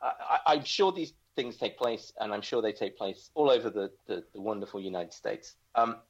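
A man's voice: on the low side, animated, normal speed, slightly rough. A man co-hosting a casual movie podcast, rambling and joking with lots of restarts. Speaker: podcast co-host. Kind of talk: casual movie-review chat. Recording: dull lo-fi sound.

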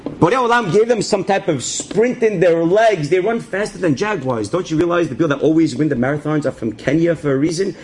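A man preaching through a story, theatrical and prone to leaping into high excited shouts. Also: fairly quick, a little hiss or hum. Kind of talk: animated storytelling sermon.

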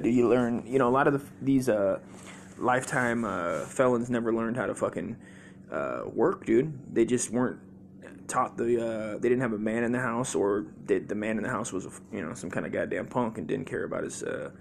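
A man's voice: medium pitch, creaky, a little mellow, a little hiss or hum. A man in his forties from Las Vegas, telling crude stories in a loose, rambling way full of cursing, with dude and man at the ends of his lines. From Las Vegas, USA. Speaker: comedy podcast host. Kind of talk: rambling profane storytelling.

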